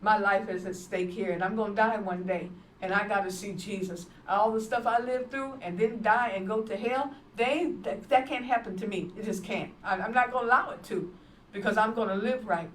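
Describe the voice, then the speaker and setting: Heard from a distance in an echoey room, a woman evangelist gives testimony preaching, plainspoken, emphatic and repetitive. She speaks at medium pitch and a moderate pace over a little hiss or hum.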